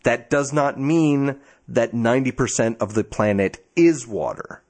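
A male podcast host in a casual chat, medium-pitched and talkative. He explains things at length with a wry, skeptical edge and frequent restarts. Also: measured pace, darkish tone.

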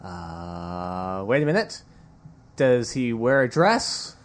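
A wisecracking man chatting on a podcast, his pitch bouncing up and down as he jokes. He laughs often and his voice stays animated and playful throughout the casual talk. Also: slow pace. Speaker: podcast co-host. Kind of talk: casual chat.

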